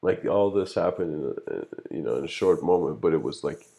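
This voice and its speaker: A man's voice: a bass voice, expressive, brisk, dark tone. A man giving a casual livestreamed lecture, rambling and reflective, full of "you know" fillers. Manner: reflective, philosophical musing.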